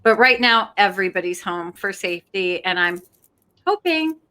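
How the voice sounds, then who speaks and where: A woman chatting casually on a livestream, giggly and excitable, trailing off into fillers. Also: medium pitch, normal speed, a loud crowd. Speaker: guest.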